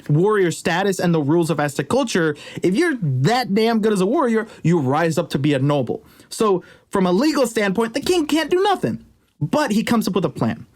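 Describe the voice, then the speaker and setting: A man retelling a legend in a casual, conversational way with jokey asides. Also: high-pitched. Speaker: storyteller. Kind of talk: casual storytelling.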